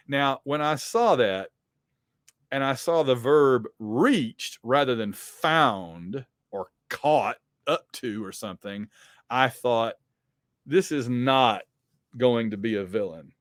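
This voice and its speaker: A man's voice: mid-range voice, no echo, clean studio sound. Chatty man reading comics aloud. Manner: chatty, wry asides, many fillers. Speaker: podcast host.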